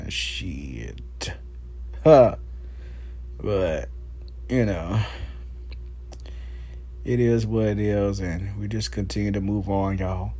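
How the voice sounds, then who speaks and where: A man hosting his own podcast, telling a rambling, profane story with lots of laughs and slow, drawn-out phrases. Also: on the low side, lively intonation, darkish tone. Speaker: podcast host. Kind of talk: casual solo podcast monologue.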